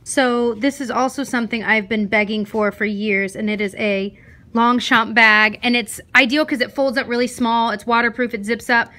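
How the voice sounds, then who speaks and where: Bright, gushing woman vlogger. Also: on the high side, normal speed. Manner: excited, gushing. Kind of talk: casual vlog chat. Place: at home and in a car.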